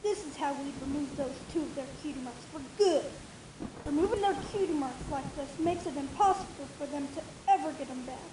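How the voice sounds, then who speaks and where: A woman voicing Apple Bloom, a scheming young farm filly pony, speaking in a high, commanding voice for a fan story reading. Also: brisk, close to an everyday voice. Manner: high girlish voice, commanding and sinister. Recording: distant echoey noisy home recording.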